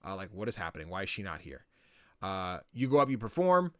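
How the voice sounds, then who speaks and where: A man's voice: sits low, big pitch swings, brisk, fairly bright tone, no echo. Rambling, swearing man recapping a game. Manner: rambling, swears freely, lots of likes and ums. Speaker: podcast co-host. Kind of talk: casual game recap chat.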